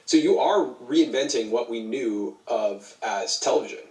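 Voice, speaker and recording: A man's voice: medium pitch, lively intonation, normal speed, darkish tone, distant mic. A man interviewing a creator, asking questions enthusiastically with plenty of fillers and cited figures. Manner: enthusiastic, citing stats, filler-heavy. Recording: echoey room, away from mic.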